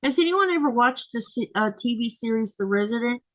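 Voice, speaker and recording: A tired woman hosts a casual live sewing stream, reading viewer comments aloud and answering them in a chatty way. Her voice sits on the higher side, and the recording is dry and close. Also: expressive, brisk, a bit bright, no room sound, rough recording. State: tired, keeps yawning.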